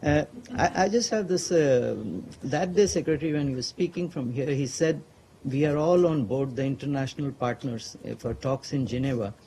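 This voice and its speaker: A man's voice: mid-range voice, normal speed, mellow, a little hiss or hum, rough recording. A man asking a spokesperson long, hesitant questions at a press briefing. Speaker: reporter.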